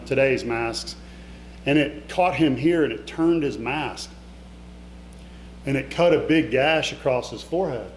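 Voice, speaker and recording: A middle-aged man tells personal stories in a motivational speech, emotional and conversational, often turning to address the audience directly. His voice is of mid pitch for a man. It rings through an echoey hall over a faint background hum. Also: darkish tone. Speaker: keynote speaker. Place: event hall before a live audience.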